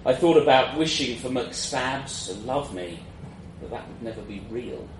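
A man's voice: mid-range voice, expressive, unhurried. A man narrating a first-person fantasy story in a wry, self-mocking way, in a roomy, distant, noisy recording.

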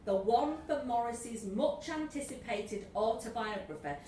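A woman's voice: fairly high pitch, lively intonation, normal speed, warm tone, slight background noise. A woman reading a comic story aloud to an audience, wry and playful, often laughing. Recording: echoey room from a distance.

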